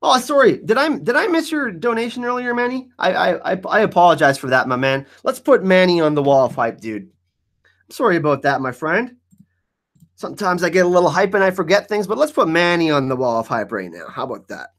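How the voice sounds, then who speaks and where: A man hosting a live stream in a loose, joking way, answering his chat as he goes. His voice sits a little high for a man and swings up and down a lot, so he sounds animated. He talks casually and often trips over his words while reacting to comments. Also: a little fast.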